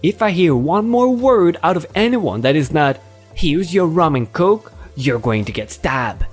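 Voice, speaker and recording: A man's voice: fairly high pitch, big pitch swings, measured pace, soft background music, pitched above the performer's own voice. A man voicing a flustered married woman who keeps mistaking people for waiters. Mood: exasperated.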